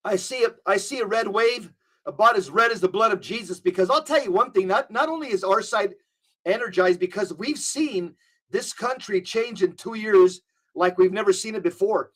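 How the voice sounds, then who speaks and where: A man's voice: high-pitched, moderate pace, a bit bright. A man giving impassioned commentary as a guest, fervent and preachy, rattling off long lists.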